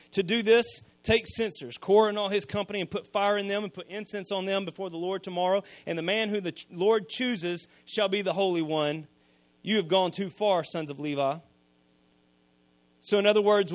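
A man, preaching a sermon, retelling scripture in casual everyday speech and swinging from quiet asides to loud emphasis. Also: high voice, no room sound. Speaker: pastor.

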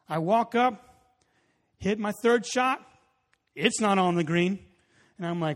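A man in his thirties preaching a sermon, telling a story with animated acted-out reactions. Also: sits high, normal speed, pauses often. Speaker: pastor. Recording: long hall reverb.

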